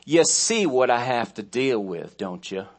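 A man's voice: mid-range voice, sing-song, measured pace. A man putting on a drawling, self-righteous southern contractor. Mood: disapproving. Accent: American Southern.

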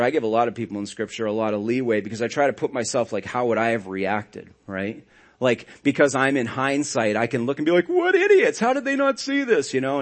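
A man preaching a sermon as a pastor, telling the story dramatically, swinging between hushed and loud lines with sarcastic asides. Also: medium pitch.

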